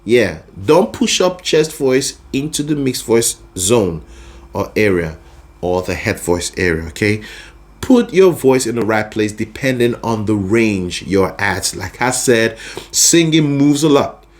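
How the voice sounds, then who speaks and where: Animated man teaching singing, slow-paced. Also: lowish voice. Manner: lively, checks in with the listener often. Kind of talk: explaining with sung demonstrations.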